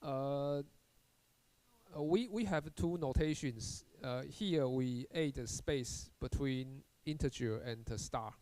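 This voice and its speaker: There's no echo on this recorded university programming lecture, where a man with a mid-range, darkish voice teaches. He stumbles through explanations, repeating words and starting over with "uh."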